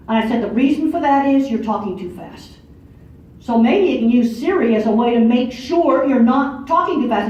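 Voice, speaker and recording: A woman's voice: a little high, a little mellow. An older woman giving a conference talk in a blunt, matter-of-fact, emphatic way, heard from a distance in a large lecture hall. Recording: far-off echoey hall, dull lo-fi audio.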